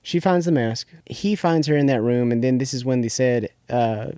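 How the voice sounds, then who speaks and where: A man's voice: medium pitch, moderate pace, warm tone, smooth, no room sound, studio quality. A young man co-hosting a podcast, casually recapping a TV episode in a rambling way, restarting often and leaning on filler words. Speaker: podcast co-host.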